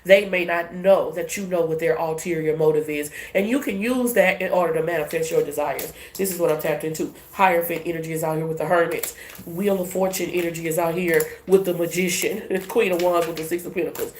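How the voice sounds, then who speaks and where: A woman giving a casual tarot reading in a brash, profane, animated way. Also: on the low side, fairly quick, echoey room, a little hiss or hum. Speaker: tarot reader.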